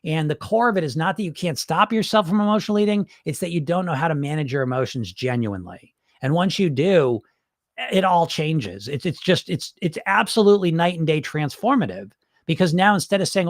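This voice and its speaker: A man's voice: fairly high pitch, expressive, brisk, dry recording, studio quality. A middle-aged man, a weight loss coach, talking casually and bluntly to his viewers. He keeps checking in with "okay?" and "right?". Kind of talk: casual live-stream coaching talk.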